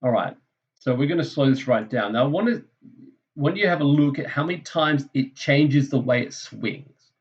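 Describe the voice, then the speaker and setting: A man with a gravelly, creaky voice walks through a maths lesson on a screen recording. He talks casually and thinks aloud, fixing his own slips as he goes. The sound is dull and lo-fi. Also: medium pitch, expressive, normal speed. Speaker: maths teacher.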